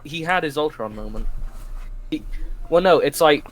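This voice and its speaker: A man chatting casually with friends during an online game, excitable, swearing and restarting his sentences. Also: fairly high pitch, moderate pace, a little hiss or hum. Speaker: gamer in voice chat. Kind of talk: casual group chat.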